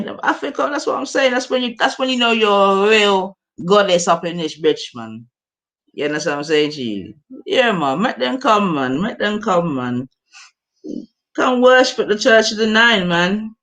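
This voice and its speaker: Woman streamer, casual slangy chat, lively swooping pitch, slow unhurried delivery. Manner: slangy, animated, lots of fillers like "yeah, man" and "you get me". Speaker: streamer reacting to music.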